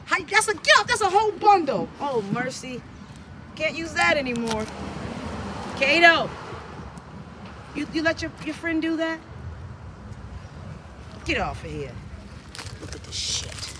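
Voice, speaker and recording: A woman filming and commenting casually on her dogs, scolding them playfully, laughing, and loudly calling for her things back, recorded outdoors on a phone. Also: sits high, very animated, measured pace, pauses often, noisy background. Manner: loud pleading calls.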